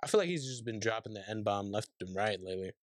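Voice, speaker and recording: A man's voice: lowish voice, animated, fast talker, no echo, studio quality. A young man co-hosting a podcast in casual chat, blunt and joking. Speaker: podcast co-host.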